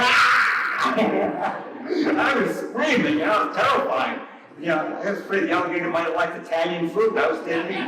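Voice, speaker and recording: An older man delivers a sermon through a funny anecdote, chuckling at his own jokes and slipping into mock outrage. His voice sits a bit high. He is recorded from far off the mic in a strongly echoing room. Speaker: preacher. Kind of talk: storytelling sermon.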